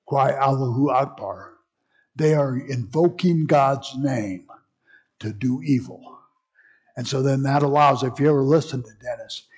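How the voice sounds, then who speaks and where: A man's voice: medium pitch, darkish tone, husky. A man teaching a Bible class in a conversational way, with frequent asides and restarts. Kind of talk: casual teaching talk.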